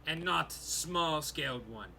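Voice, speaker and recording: A man voicing a commanding female orc warband leader who makes loud, threatening declarations in a tabletop game. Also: a little high, lively intonation, takes it slowly, creaky, slight background noise, voice pushed up, full character voice.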